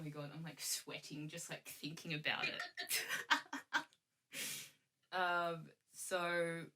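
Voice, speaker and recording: A woman's voice: low-pitched, pushed and bright. A young woman telling a story in a casual chat, laughing often and acting out what people said. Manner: chatty, laughs often, acts out quoted lines. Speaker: guest.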